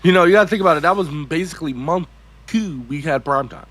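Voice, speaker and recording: High-voiced man rambling haltingly. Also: fairly bright tone. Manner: halting, rambling, with false starts. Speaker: co-host of a livestream show. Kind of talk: casual livestream chat.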